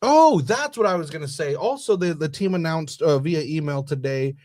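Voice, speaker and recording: Lively jokey man, soccer co-host. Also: fairly high pitch, moderate pace, no room sound. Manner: jokey, laughs, reads out club announcements. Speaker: podcast co-host. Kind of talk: casual chat about local soccer.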